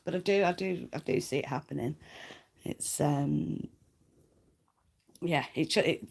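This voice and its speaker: Low gravelly woman chatting. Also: measured pace. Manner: rambling, self-deprecating, laughs often. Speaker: livestream host reading cards. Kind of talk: casual livestream chat.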